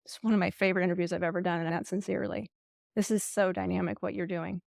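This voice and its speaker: A woman's voice: fairly low pitch, little pitch movement, quick pace, gravelly, a little mellow, dry recording, clean studio sound. A woman hosting an interview show who gushes over her guest and acts out little quotes, heard over a video call. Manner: gushing and effusive, acts out quotes. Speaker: host. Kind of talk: casual interview chat.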